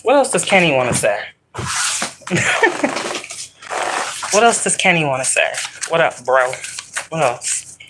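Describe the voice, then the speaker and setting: A woman's voice: deep voice, big pitch swings, normal speed, very noisy. A woman doing a psychic tarot reading for her viewers in a casual, rambling way, swearing often and pressing her points hard. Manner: profane, rambling, emphatic.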